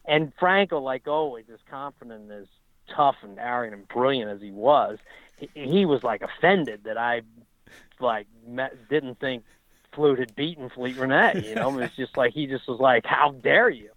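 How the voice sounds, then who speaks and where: A man telling racing stories in a casual interview, animated and halting, often restarting his sentences. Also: mid-range voice, no room sound. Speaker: racing writer and guest. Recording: dull lo-fi dry recording.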